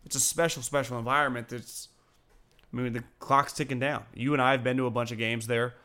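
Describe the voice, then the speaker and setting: Bright-voiced, profane sports podcast guy. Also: mid-range voice, steady tone, brisk. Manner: rambling, profane, laughs often. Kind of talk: casual sports chat.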